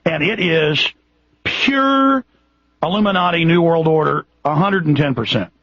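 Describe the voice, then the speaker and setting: A man's voice: on the high side, animated, a little slow, fairly bright tone, dry recording, lo-fi sound. A Texan man hosting a radio show, talking in an impassioned, rambling way with frequent restarts. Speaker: radio host. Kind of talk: radio monologue.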